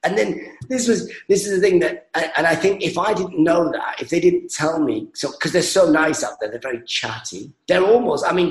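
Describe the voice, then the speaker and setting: A stand-up comedian rambles through his stories in a casual chat, full of fillers and restarts. His voice sits at an ordinary pitch and rings in an echoey room. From England.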